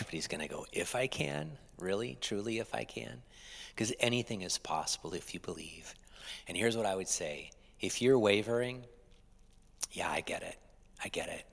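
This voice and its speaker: A man preaching a conversational sermon, moving between loud emphasis and hushed, whispered asides. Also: low-pitched, long reverb tail. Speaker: pastor.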